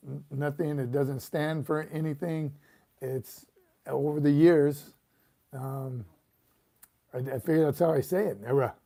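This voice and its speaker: Relaxed retired Marine man chatting live. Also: fairly high pitch, vocal fry. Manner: relaxed, chuckling, repeats words. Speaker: livestream host, retired sergeant major. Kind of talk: casual live chat reading comments.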